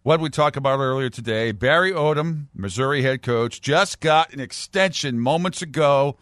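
A man with a New England accent hosting sports talk radio, arguing in animated banter. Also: mid-range voice, normal speed, dry recording, clean studio sound. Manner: argumentative, animated.

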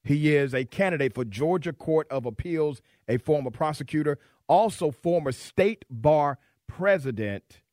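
A man's voice: a little high, expressive, measured pace, a little mellow, no room sound. A man hosting a radio talk show from the studio, chatting loosely and joking with listeners. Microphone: studio microphone.

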